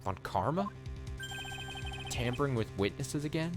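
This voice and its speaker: A man's voice: medium pitch, expressive, a little slow. A man giving casual let's play commentary with sarcastic, crude asides, with game music behind.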